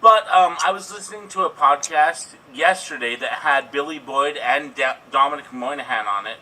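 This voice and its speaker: A man's voice: a little high, normal speed, bright, forceful tone, recorded from a distance, low-quality recording. A man on stage, an improv performer chatting casually and hesitantly. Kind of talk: casual chat.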